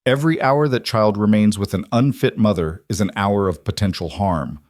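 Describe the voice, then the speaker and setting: Man playing cold rich bad guy, quiet menace, low and dry. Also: moderate pace, no echo, natural voice.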